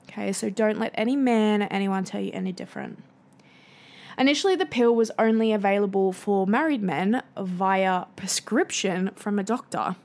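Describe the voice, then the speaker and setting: A young Australian woman talks alone into the mic for her podcast. She keeps it chatty and playful and drops in wry little asides. Her voice sits at an ordinary middle pitch for a woman. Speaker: podcast host. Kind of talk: casual solo podcast monologue.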